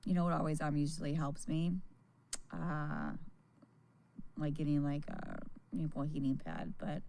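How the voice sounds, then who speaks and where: Tired, gravelly-voiced woman chatting slowly. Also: sits low, a little mellow. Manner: rambling, chatty, frank. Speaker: livestreamer. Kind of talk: casual livestream chat.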